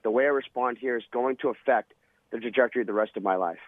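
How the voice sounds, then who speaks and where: A man's voice: mid-range voice, fast, dry recording. A man, a former Navy SEAL, telling a vivid, dramatic story in an interview. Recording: tinny phone-line sound.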